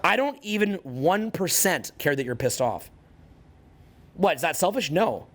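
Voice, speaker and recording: This is a man in his forties speaking to an audience with a slightly high-set voice. He coaches with fierce intensity, swears freely and hammers each point home through blunt repetition. His talk is motivational and unfiltered. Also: big pitch swings, a little slow, fairly bright tone. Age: 40s. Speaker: social skills coach.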